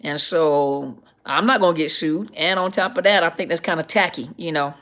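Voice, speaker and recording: A woman's voice: low-pitched, moderate pace, fairly bright tone. A middle-aged woman, a counselor, hosting a casual livestream Q&A, chatty and greeting viewers by name as she reads their comments.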